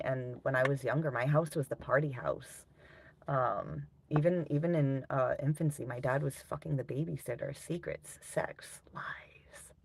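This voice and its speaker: Gravelly-voiced woman chatting on a live stream. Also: rumbling low, darkish tone. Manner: chatty, laughs often, swears casually. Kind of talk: casual live-stream chat with viewers.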